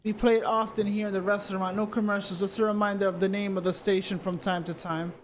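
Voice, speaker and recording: A man's voice: high-pitched, little pitch movement, fast talker, a little hiss or hum, lightly acted. A man reading the lines of a friendly Greek restaurant owner in a game, plainly and with small slips.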